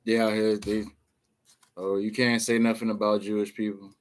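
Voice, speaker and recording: A man's voice: lowish voice, flat delivery, moderate pace. A man vlogging with casual commentary, loose and slangy, full of "like" and "man".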